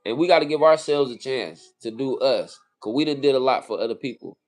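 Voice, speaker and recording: A man's voice: mid-range voice, a little fast. A man from California co-hosting a casual livestream, talking earnestly and often repeating phrases. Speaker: livestream co-host.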